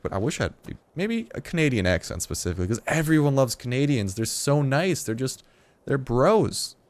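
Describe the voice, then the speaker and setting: A late-teen guy rambling through casual gameplay commentary, joking and swearing freely. His voice sits on the low side for his age. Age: late teens. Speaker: gaming video host.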